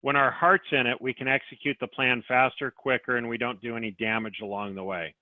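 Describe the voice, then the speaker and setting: A man's voice: mid-range voice, fairly even intonation, a little fast, dry recording. A man working as a business coach, talking through ideas with a guiding, questioning manner in a podcast conversation. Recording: tinny phone-like line, dry.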